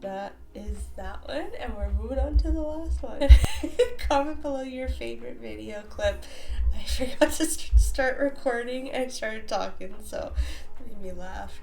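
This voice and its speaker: A woman's voice: a little high, gravelly, darkish tone. A woman hosting a reaction video, exclaiming, laughing and cooing at funny animal clips in casual commentary. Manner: exclaims often, laughs a lot, coos at animals.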